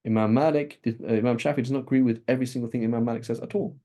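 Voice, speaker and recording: Brief: male teacher, mellow tone, animated classroom lecture, checks in with "right?". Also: mid-range voice, very fast. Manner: animated, frequent "right?" checks, restarts and asides. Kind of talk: classroom lecture on Islamic texts.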